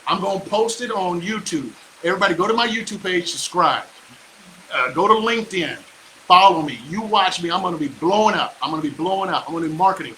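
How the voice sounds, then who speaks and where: Middle-aged man, motivational live-stream host, boastful and charged up, fairly high and bright, faint hiss behind. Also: low-quality recording. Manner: boastful, fired-up, preachy, with whoops. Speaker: real estate investor hosting a live stream.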